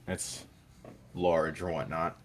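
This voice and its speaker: A man's voice: extremely low pitch, level tone, takes it slowly, a little hiss or hum. A man narrating as game master of a tabletop game, improvising loosely with restarts and asides.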